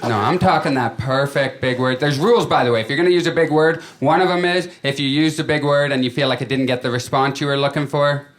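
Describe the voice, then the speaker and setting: A man doing a stand-up comedy set on a club stage, telling stories in a chatty way and acting out his friends in quick voices. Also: medium pitch, steady tone. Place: comedy club stage before a live audience. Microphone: handheld stage mic. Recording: live club recording with loud crowd laughter.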